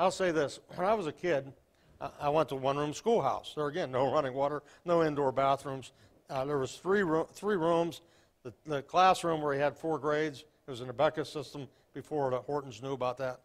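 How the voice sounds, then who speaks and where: An older man preaching in a homespun, storytelling way, his voice sitting a little high for a man. He reads scripture in the old King James wording, leaning hard on key words. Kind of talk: folksy Baptist sermon with scripture reading.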